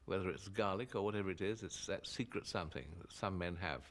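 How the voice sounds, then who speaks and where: A comedy writer reflecting in an interview, thoughtful and measured. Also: male voice, sits low, fairly bright tone.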